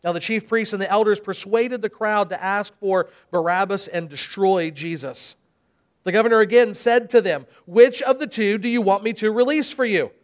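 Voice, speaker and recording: High-voiced man preaching a sermon. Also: moderate pace. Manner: dramatic reading with emphatic quoted speech. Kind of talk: scripture reading then sermon. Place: church service.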